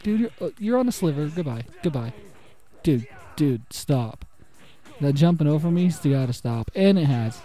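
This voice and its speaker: A young man streaming a fighting game, hyping himself up and trash-talking the computer opponents between laughs. His voice sits a touch high but sounds very dark and mellow. Faint game music runs behind him. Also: normal speed. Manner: excitable, trash-talks the opponents, laughs often. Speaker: gaming channel host. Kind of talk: casual gameplay commentary.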